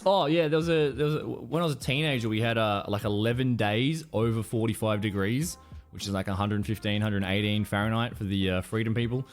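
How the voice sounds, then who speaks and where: An Australian man chatting casually and profanely with his live stream audience, rambling into animated stories. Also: lowish voice, brisk, faint music behind.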